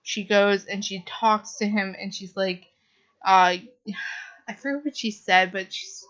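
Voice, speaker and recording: Woman book reviewer, unhurried, heavy on fillers, slightly dull lo-fi sound. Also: mid-range voice, fairly even intonation, fairly bright tone. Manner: gushing, full of "like" and "um" fillers.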